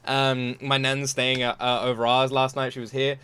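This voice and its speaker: A man's voice: mid-range voice, monotone, normal speed, sharp tone, smooth. A young British man hosting a reaction video, gushing and exclamatory, often breaking into laughter. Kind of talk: casual reaction commentary.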